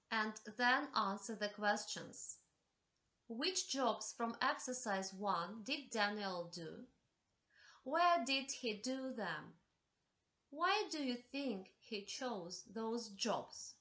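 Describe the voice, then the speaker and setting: A woman English teacher giving slow, deliberate step-by-step instructions for classroom exercises. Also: fairly high pitch, animated, sharp tone.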